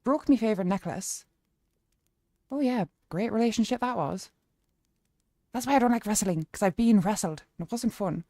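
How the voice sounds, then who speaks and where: A cheeky, brash Irish woman, put on by a woman streamer spins a saucy tale with broad, exaggerated delivery. Her voice sits at a middle pitch and is recorded dry and close, with no room sound. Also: normal speed, long pauses, no echo, lightly acted. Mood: mock-grumbling. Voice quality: lively, exaggerated, crude storytelling. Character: cheeky Irish woman telling a bawdy story. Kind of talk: livestream chat.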